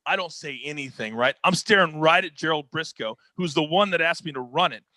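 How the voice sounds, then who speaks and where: A man telling a dramatic story as an interview guest, energetic and expressive, on a close podcast mic. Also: a little high, a little fast, no room sound. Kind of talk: animated storytelling.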